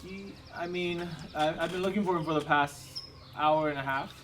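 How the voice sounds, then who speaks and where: A man's voice: on the high side, steady tone, normal speed, fairly bright tone, far from the mic, slight background noise, natural voice. A man voicing an anxious working-class mother who stammers and hesitates while searching for her missing little son. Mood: worried.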